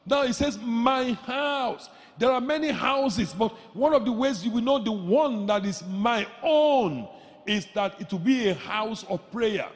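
A male pastor delivers a sermon with a high voice, hammering phrases again and again and pushing up into shouts. His voice rings out with a long reverb that fills a church hall. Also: animated, unhurried. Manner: emphatic, repeats phrases, rises to shouts.

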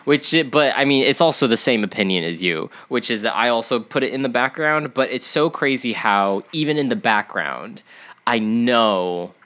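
A man's voice: mid-range voice, lively intonation, normal speed, a bit bright. A young man with a stuffy nose co-hosting a podcast, rambling in casual chat with many fillers and restarts. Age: young adult. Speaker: podcast co-host.

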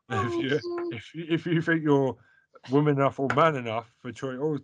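A man's voice: mid-range voice, moderate pace, a bit bright, lo-fi sound, slight background noise. A man hosting a casual podcast over a remote call, rambling and jokey and prone to fits of giggles. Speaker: podcast host. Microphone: remote call recording.

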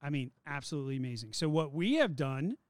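A male host in casual chat, upbeat and joking as he moves between topics. His voice sits a little high. The sound is dry and close to the mic. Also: big pitch swings, fast talker, dry recording. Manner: upbeat, joking, runs the segments. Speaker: podcast host.

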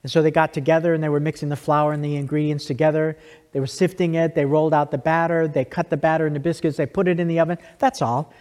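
A man's voice: fairly high pitch, a little mellow. A man speaking to an audience, telling a personal story conversationally, with frequent restarts and asides. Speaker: speaker giving a testimony. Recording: long hall reverb.

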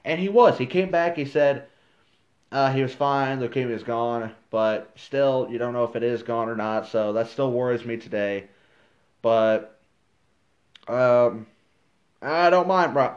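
A man's voice: mid-range voice, a little slow, clear, resonant tone, muffled recording. A man giving a casual, frustrated opinion rant as a wrestling fan, full of fillers and restarts, recorded on his phone.

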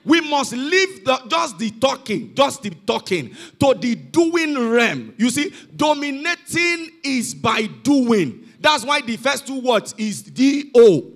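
A man's voice: extremely high pitch, lively intonation, slow, few pauses, a bit bright. A man preaching a sermon to a youth conference, emphatic and repeating his calls to the congregation. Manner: emphatic, repeats "you are not hearing me". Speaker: pastor. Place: church hall.

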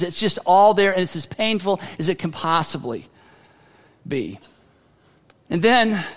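A man preaching a sermon as a pastor, telling a story in a conversational way with halting restarts. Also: high-pitched, clear, resonant tone. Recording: long hall reverb.

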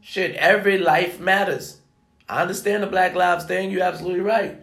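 Gravelly-voiced man, emphatic and foul-mouthed preacher of self-worth, roomy echo. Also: high-pitched, fairly even intonation, brisk, a bit bright. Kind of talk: motivational rant. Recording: echoey room.

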